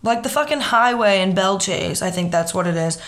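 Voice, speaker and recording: A young woman telling a story in casual chat, animated and swearing freely. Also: medium pitch, a little fast.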